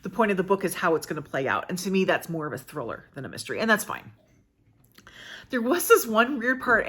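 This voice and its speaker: A woman's voice: on the low side, fairly bright tone. An American woman reviewing books in casual, chatty talk, thinking aloud with plenty of fillers and restarts. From United States. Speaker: book vlogger. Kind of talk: casual book review chat.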